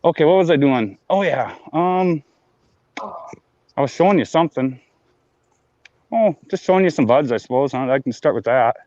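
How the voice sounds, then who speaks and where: A man chatting casually on a live stream, rambling and repeating words, high and talking with a blunt in his mouth. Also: expressive, normal speed, long pauses, darkish tone, dry recording, lo-fi sound. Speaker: grower showing plants on a live stream.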